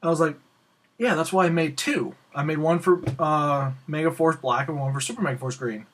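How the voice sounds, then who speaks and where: An excitable young man tells a long story in a casual, rambling way, stopping to act out what each person said. His voice sits a little higher than most men's. He hosts a laid-back Q&A show. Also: moderate pace, a little hiss or hum. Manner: excitable, rambling, acts out quoted dialogue. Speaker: host of a Q&A show.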